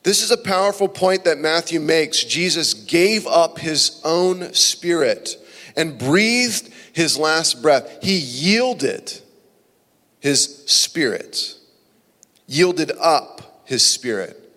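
Man, pastor, sermon, slightly high voice, passionate, loud-to-hushed swings, long hall reverb. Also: lively intonation, slow. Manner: impassioned, shifting between loud emphasis and hushed tones.

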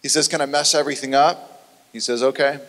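A man preaching a sermon in an earnest, conversational way that sometimes turns animated. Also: a little high, a little fast. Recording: long hall reverb.

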